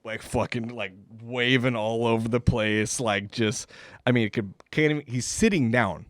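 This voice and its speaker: A man's voice: mid-range voice, fairly even intonation, normal speed, dry recording. A young man hosting a comedy podcast, telling a rambling, profane story in a casual way and laughing as he goes. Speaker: podcast host.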